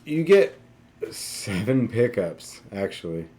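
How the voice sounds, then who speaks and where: A man running a tabletop game as game master, calling for checks in an unhurried way. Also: fairly low pitch, big pitch swings, warm tone.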